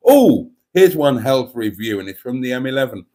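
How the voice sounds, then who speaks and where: Rambling, lively middle-aged man. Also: mid-range voice, moderate pace. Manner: chatty, rambling, jokey, with many fillers. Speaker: livestream host. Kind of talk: casual livestream chat reading comments.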